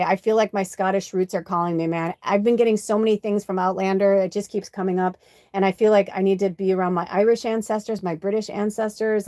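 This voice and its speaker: A woman's voice: medium pitch, darkish tone, dry recording, studio quality. A middle-aged American woman hosting a spiritual livestream, ranting bluntly with heavy swearing in a casual monologue. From United States. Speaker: spiritual channel host.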